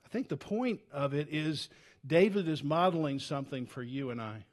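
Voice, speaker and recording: A man preaching a sermon as a pastor, earnest and conversational, swinging from loud urgency to hushed, low tones, with frequent restarts. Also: expressive, normal speed. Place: church.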